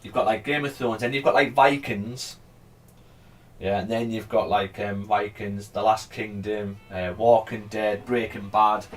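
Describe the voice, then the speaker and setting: A man from England offers casual, rambling commentary on a live trading stream, chatting freely, swearing now and then, and urging the price on. His fairly low voice is steady and unhurried, with soft music in the background.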